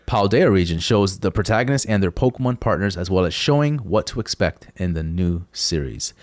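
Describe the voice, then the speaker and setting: A young man co-hosts a casual, joking chat and now and then reads out news items. His voice sits low but swings up and down a lot. The recording is dry and close. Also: darkish tone, no echo. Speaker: podcast co-host.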